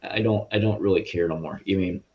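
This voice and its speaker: A man giving a guest's personal faith testimony in an interview, in an earnest, halting and rambling way over a video call. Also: deep voice. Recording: muffled lo-fi audio.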